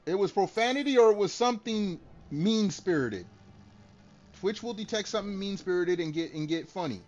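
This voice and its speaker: Casual streamer, male, high and animated, jokey and profane; muffled stream audio with soft music behind. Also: moderate pace. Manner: joking, laughing, swears freely. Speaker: streamer talking to chat. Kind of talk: casual live-stream chat with viewers.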